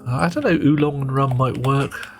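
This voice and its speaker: During a casual live stream, a man playing a game jokes and teases with his audience, muttering to himself as he works. He speaks at normal speed in a mid-range voice, with soft music behind him.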